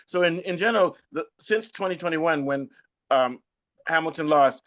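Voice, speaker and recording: Animated man on a lo-fi mic. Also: fairly high pitch, moderate pace. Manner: animated, repeats words when thinking. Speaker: co-host. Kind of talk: casual podcast chat. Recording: lo-fi dull sound.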